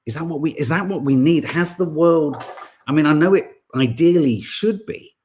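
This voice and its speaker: A man, hosting a podcast in casual chat and reading out viewer comments in a rambling, animated way. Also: fairly high pitch, moderate pace, a little hiss or hum. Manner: rambling, animated, full of restarts and asides. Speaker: podcast host.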